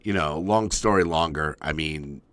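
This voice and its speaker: A man's voice: rumbling low, normal speed, a bit bright, dry recording. A man co-hosting a podcast in casual chat, laid-back and jokey, with lots of "um" and "you know". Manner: laid-back, joking banter with frequent fillers. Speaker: podcast co-host.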